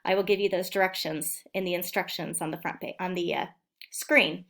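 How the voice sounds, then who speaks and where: A woman teacher giving a recorded phonics lesson to young children, sounding out words slowly and clearly. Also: fairly low pitch, fairly even intonation, fairly bright tone. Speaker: elementary school teacher.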